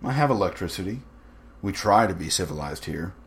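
A man voicing a suave, cruel aristocratic general with smooth, mocking menace. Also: low-pitched, lively intonation, a little fast.

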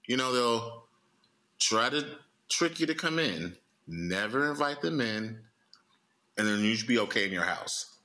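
A man co-hosting a comedy podcast, joking and animated in casual chat. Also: lowish voice, unhurried. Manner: animated, joking, swings between voices. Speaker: podcast co-host.

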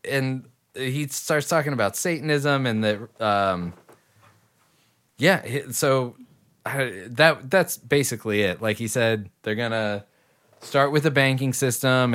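A man chatting casually and spinning out a long, rambling anecdote, full of swearing and bursts of laughter. His voice sits at an ordinary middle pitch. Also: measured pace, fairly bright tone, clean tone. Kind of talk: casual chat.

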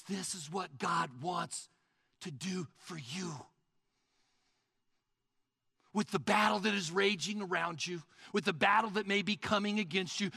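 A man preaching a sermon, telling a story in a folksy, animated way and calling his listeners folks. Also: sits high, gravelly, breathy edge, no echo, clean studio sound.

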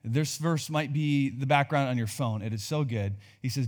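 A man's voice: medium pitch, moderate pace, few pauses. A man in his thirties, a pastor preaching a sermon in a conversational way that climbs to emphatic peaks.

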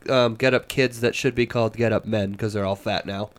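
A man's voice: lowish voice, steady tone, fairly quick. A young man hosting a casual chat, laid-back and joking, with casual swearing. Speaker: podcast host.

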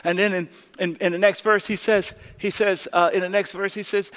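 A man preaching a sermon as pastor, swinging from loud, urgent lines to hushed, slow ones. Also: sits high, steady tone, in a large hall.

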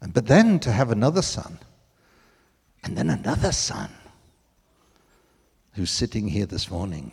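An older man preaching a sermon, telling personal stories with emotion that swings from loud to hushed. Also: fairly low pitch, sing-song, measured pace, creaky, long pauses, breathy edge, in a large hall.

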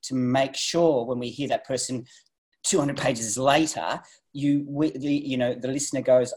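Husky man making a point. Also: medium pitch, fairly even intonation, moderate pace, darkish tone. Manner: emphatic, restarts sentences. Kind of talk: panel discussion.

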